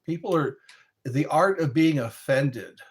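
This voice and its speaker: A livestream host with a voice on the high side chats casually with viewers, answering their comments. He's animated but unhurried, rambles, and chuckles often, with slight background noise behind him.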